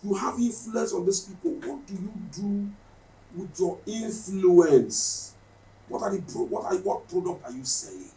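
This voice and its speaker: A man's voice: sits high, a little slow. A man, chatting on a podcast and acting out the people in his stories. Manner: animated storyteller, acts out dialogue. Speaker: podcast guest. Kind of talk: casual podcast chat. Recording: roomy, slightly distant, faint ambience.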